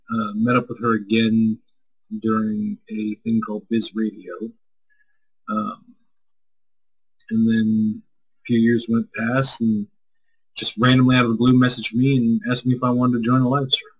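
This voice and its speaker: A man with a husky, breathy tone chats casually while co-hosting a live stream. He rambles loosely through chat questions and swears freely, at an even middle pitch. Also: a little slow, pauses often, poor audio. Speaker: stream co-host answering chat.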